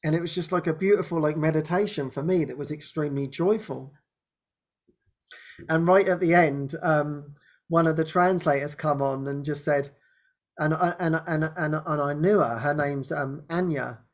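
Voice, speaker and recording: A man hosting an online spiritual show, telling a personal story in a rambling, laughing way and dropping to a soft hush at tender moments. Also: fairly high pitch, normal speed. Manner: rambling, laughs often, softens to a hush when speaking as Jesus. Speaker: host. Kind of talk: casual spiritual sharing. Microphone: video call microphone.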